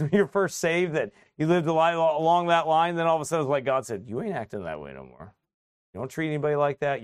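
A middle-aged pastor preaches a sermon in a chatty, joking way, laughing often before building to emphatic exhortation. His voice is medium-pitched, with clean studio sound and no room sound.

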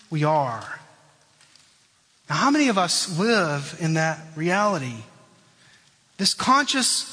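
High, bright-voiced male preacher in a reverberant hall. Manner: earnest preaching, swoops low at phrase ends, addresses listeners as friends. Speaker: pastor. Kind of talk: sermon.

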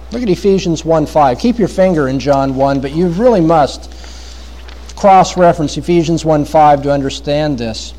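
High-voiced man preaching a sermon. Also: normal speed, warm tone, poor audio. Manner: emphatic preaching, rising in force on key points. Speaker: pastor.

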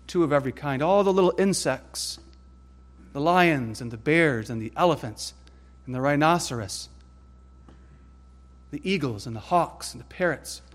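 Male preacher, slightly high voice, emphatic and deliberate sermon delivery. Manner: emphatic, deliberate preaching with rising stress on lists.

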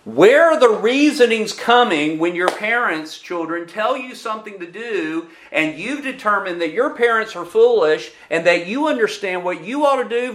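A man's voice: high-pitched, a bit bright. A man preaching a sermon who keeps asking the congregation questions.

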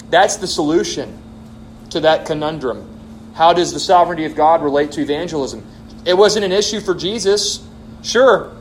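Guy with a high voice doing bible Q&A at church, emphatic, faint hiss behind. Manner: emphatic, quotes scripture, asks the audience. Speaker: church leader answering questions. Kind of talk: Bible teaching Q&A. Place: church hall.

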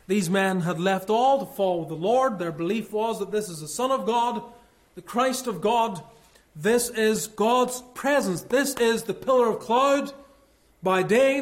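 A man with a notably high-pitched voice preaches a sermon. He reads scripture in old-fashioned wording and slows down to stress its key phrases. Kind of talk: expository sermon.

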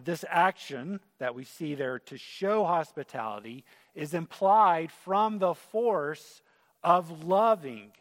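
A man preaching a sermon in an auditorium, earnest and conversational. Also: a little high. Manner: earnest, conversational, with acted quotes. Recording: reverberant hall.

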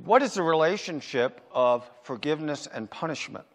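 Pastor guy preaching, pretty high voice, asks stuff then answers it, slows way down to hit points, long church echo. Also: animated. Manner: asks rhetorical questions and answers them; emphatic, slows down to stress points. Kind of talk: sermon.

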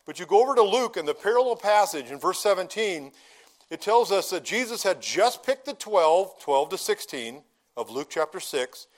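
A middle-aged man preaching a sermon in a conversational teaching manner, asking the congregation questions and slowing down to stress key phrases. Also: sits high, very animated. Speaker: pastor.

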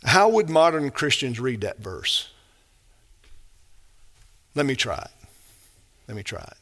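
A man preaching a sermon, emphatic and deliberate, rising to loud stresses and dropping to quiet asides. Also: medium pitch, sing-song.

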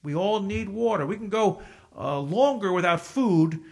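High-voiced preaching man. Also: expressive, moderate pace, creaky. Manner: preaching with loud emphatic rises and quiet asides; reads scripture in King James wording. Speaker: pastor. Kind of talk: sermon.

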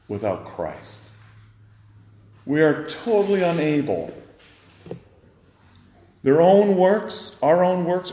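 A man preaching an expository sermon, animated and acting out the disciples' and Jesus' words in a raised voice. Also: medium pitch. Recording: echoey hall with faint noise.

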